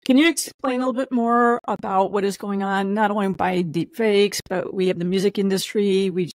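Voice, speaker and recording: A woman hosting a podcast poses a long, layered question to her guest. Her voice sits at a medium pitch. The sound is dry and close. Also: steady tone, normal speed, no echo. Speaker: podcast host. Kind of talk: interview question.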